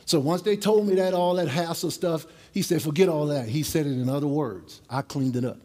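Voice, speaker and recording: A middle-aged male pastor delivering a sermon to his church, telling stories and jokes in a conversational way and stretching out key phrases slowly for emphasis. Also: a little high, mellow. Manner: conversational storytelling preaching with jokes; slow, emphatic drawn-out phrases. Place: church service with congregation.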